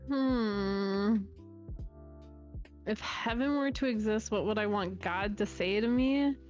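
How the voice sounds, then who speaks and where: A woman's voice: mid-range voice, takes it slowly, darkish tone, muffled recording, faint music behind. A woman guest in a casual stream chat, laid-back and thoughtful.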